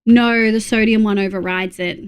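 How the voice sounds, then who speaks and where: A woman's voice: mid-range voice, fairly even intonation, moderate pace, clean tone. A young woman with an Australian accent, chatting casually to her viewers while she plays a game, muttering to herself and swearing when something annoys her. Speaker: streamer. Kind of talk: casual live-stream chat while gaming.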